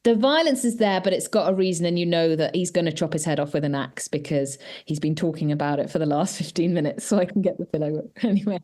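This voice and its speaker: A woman's voice: on the low side, fast, few pauses, warm tone. A woman co-hosting a podcast in casual chat, giggly and prone to wandering off on tangents. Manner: chatty, giggly, trails off into tangents. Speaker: podcast co-host.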